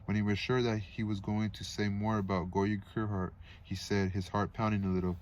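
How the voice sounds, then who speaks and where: Man, reading a novel aloud, calm, steady, flat delivery, low voice. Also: a little fast, hardly any pauses, muffled recording. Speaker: audiobook reader.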